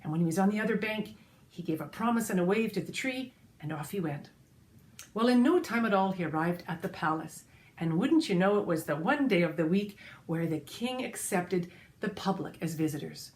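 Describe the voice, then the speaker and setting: A woman storyteller telling a folk tale to children, expressive and speaking straight to her listeners. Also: on the low side, normal speed. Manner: expressive, addresses listeners directly.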